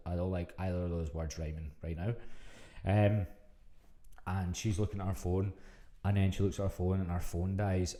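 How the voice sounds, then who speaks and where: Deep-voiced Scottish man telling a story. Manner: animated, swears freely, frank. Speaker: podcast host. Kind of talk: casual storytelling.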